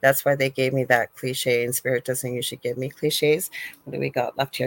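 A woman's voice: very deep voice, flat delivery, a little fast, rough recording. Chatty encouraging Canadian psychic woman. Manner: chatty, encouraging, repeats herself, self-deprecating asides. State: briefly coughing. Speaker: psychic radio host. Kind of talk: casual psychic reading on a talk show.

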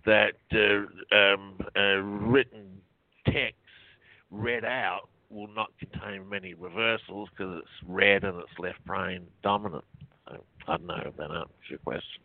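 A man's voice: lowish voice, steady tone, measured pace, vocal fry, no room sound. A man being interviewed as a guest, chatty and rambling, laughing often between points. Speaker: guest, researcher. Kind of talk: casual phone-in interview. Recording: dry tinny phone line.

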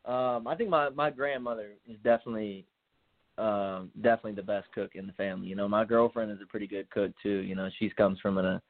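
A young college football player gives casual interview answers in a relaxed, laid-back way, packed with fillers. His voice is a little low and quick, coming through a dry, tinny phone line with no echo.

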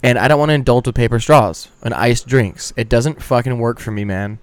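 A man in his thirties hosts a casual podcast, cursing often and ranting with worked-up energy. His voice is smooth and clean, sitting mid-range for a man. The sound is close and dry, with no room echo. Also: medium pitch, a little fast. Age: 30s. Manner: profane, ranting, animated. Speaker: podcast host.

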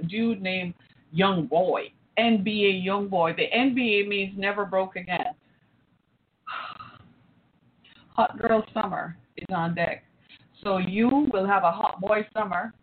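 A woman in her forties hosting a talk, telling a family story and playing out the voices in it. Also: medium pitch. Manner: animated, acts out quoted voices. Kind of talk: storytelling to an audience. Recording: tinny phone-like line with faint noise.

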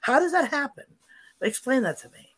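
A woman's voice: high-pitched, big pitch swings, moderate pace, slightly rough. A woman in casual chat, animatedly telling paranormal stories with lots of repetition and asides.

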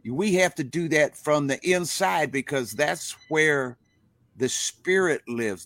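A man's voice: fairly high pitch, fairly bright tone, no room sound. Older man preaching with folksy fervor. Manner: preachy, impassioned, folksy grammar. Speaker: interview guest, rock musician. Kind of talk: casual interview over a live stream.

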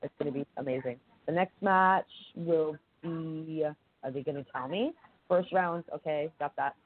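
Excitable, nasal-sounding stuffy-nosed man. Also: fairly high pitch, dry recording. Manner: excitable, playful, quick to interject. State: stuffy nose. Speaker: podcast co-host. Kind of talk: casual podcast chat. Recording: tinny phone-line sound.

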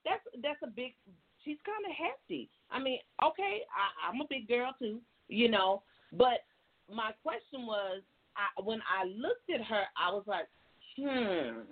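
A woman's voice: a little high, animated, unhurried. A woman life coach telling a story to her viewers in a chatty, folksy way, sliding into emphatic, preachy advice. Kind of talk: casual storytelling and faith-based advice. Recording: tinny phone-like sound.

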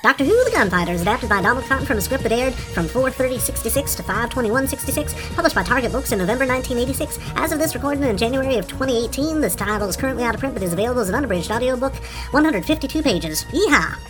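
A rowdy Wild West cowboy announcer, put on by a man, rattles off facts in a drawl pitched well above his own voice. The delivery is breakneck, and music plays clearly underneath. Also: expressive, racing, low-quality recording.

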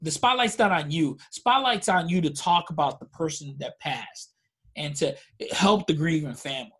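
A man's voice: fairly high pitch, normal speed, a bit bright. A man co-hosting a podcast, making emphatic points and joking in casual chat. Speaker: podcast co-host.

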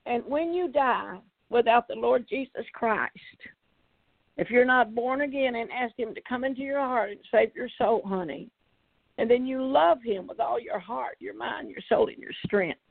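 A woman's voice: fairly high pitch, normal speed, vocal fry, no echo. Older woman, evangelist testimony, emphatic repetition, dry close sound. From Tennessee, US. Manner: emphatic, repeats phrases for effect. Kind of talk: testimony preaching. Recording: tinny phone-like audio.

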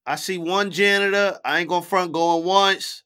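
A man co-hosting a casual live stream, reading the chat aloud and rating tracks in an animated way. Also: high voice, moderate pace, clean tone. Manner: animated, reads chat aloud, laughs often.

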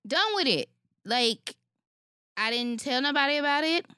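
Bright-voiced woman telling a story. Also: high-pitched, a little slow, no room sound, clean studio sound. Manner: animated, acts out the people in her story. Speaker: podcast co-host. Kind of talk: casual chat, storytelling.

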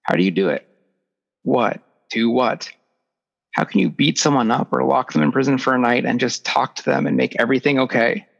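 Sarcastic young woman read by a man: gravelly, teasing, from a lo-fi reverberant recording. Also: medium pitch, moderate pace. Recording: echoey, dull lo-fi recording.

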